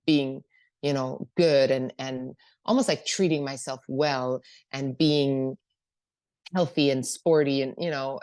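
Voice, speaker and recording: A woman sharing her recovery story at a meeting, emotional and hesitant, with many pauses and fillers. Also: very deep voice, fairly even intonation, darkish tone, no room sound. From Germany. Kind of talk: personal testimony at a meeting.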